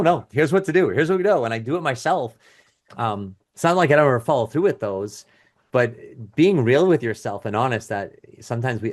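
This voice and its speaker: A middle-aged man teaching a live webinar as a business coach, talking casually with restarts and asides and reading out audience chat comments. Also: medium pitch.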